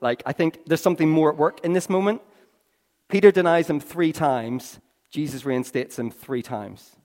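A man's voice: on the high side, normal speed. Man preaching in a reverberant hall. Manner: storytelling, swinging from hushed to excited. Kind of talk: sermon. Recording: long reverb of a large hall.

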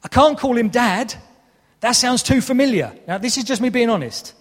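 His very high-pitched, animated voice moves at normal speed as he preaches in a church hall. The man, in his thirties, is candid and self-deprecating, mixing in humor, while the hall's long reverb trails his words.

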